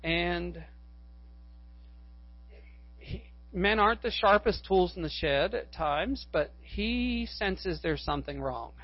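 Slow-talking male pastor, dull lo-fi sound. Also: high voice, animated, no echo. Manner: rambling storyteller, self-correcting, rising to fervent appeals. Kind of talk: sermon. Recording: dull lo-fi recording.

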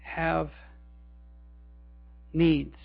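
A male pastor preaching a sermon in a church, dramatic, swinging between loud cries and hushed asides. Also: a little high, little pitch movement, very slow, creaky, no echo, lo-fi sound.

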